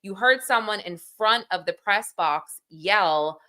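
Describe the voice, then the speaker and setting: A woman's voice: mid-range voice, lively intonation, slow pace, bright, forceful tone. A woman in her thirties hosting a livestream, chatting casually, reading comments aloud and laughing at herself. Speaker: livestream host.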